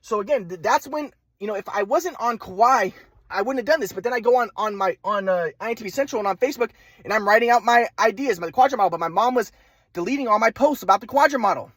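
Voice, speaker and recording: Fast, rambling, high-voiced man. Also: fairly bright tone, no room sound. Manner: rambling, many restarts and repeated words. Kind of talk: personal storytelling vlog.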